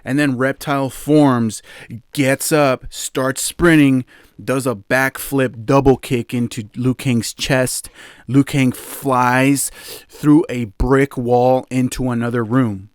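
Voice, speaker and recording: A man's voice: medium pitch, slow, clean tone, dry recording, studio quality. Rambling young man recapping a film. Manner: rambling, animated retelling with many fillers and laughs. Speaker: podcast host. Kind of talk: casual movie recap.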